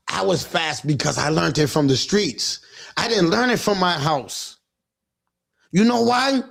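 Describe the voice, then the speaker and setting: A man's voice: fairly high pitch, vocal fry. A man who is a father, hosting a livestream and talking bluntly and profanely about raising kids, often stumbling and restarting his sentences. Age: adult father. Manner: blunt, profane, repeats himself with many restarts. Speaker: livestream host giving parenting talk. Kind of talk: casual street-talk monologue. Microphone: livestream setup.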